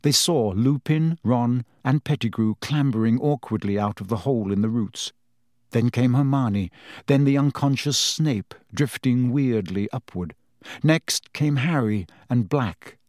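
Brief: male audiobook narrator, mid-pitched, even pacing, dead-dry booth. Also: a little slow, dry recording. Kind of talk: scripted narration.

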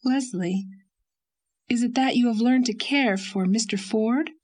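A woman reading an audiobook, voicing a gentle, sensible young woman who soothes a friend in an earnest tone. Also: on the high side, measured pace, voice pushed up. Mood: concerned. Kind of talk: audiobook character voice.

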